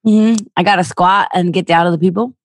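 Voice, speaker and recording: A woman's voice: fairly low pitch, fairly even intonation, brisk, dry recording. A young woman from the Philadelphia area, a stand-up comedian talking casually on a podcast, telling stories with crude jokes and acted-out voices.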